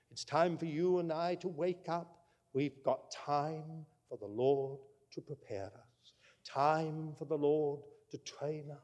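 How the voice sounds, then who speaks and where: A man preaching a sermon, earnest and emphatic, swinging between loud declarations and quiet asides. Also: on the high side, muffled recording. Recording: long reverb from a large hall.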